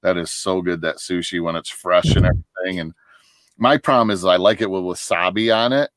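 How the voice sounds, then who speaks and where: A man's voice: sits low, fairly even intonation, fairly quick, fairly bright tone, dry recording. A middle-aged man from northern Michigan, chatting casually on a livestream, telling long stories with many restarts and frequent laughs. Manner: rambling storyteller, laughs often, many restarts. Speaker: livestream guest. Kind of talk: casual chat.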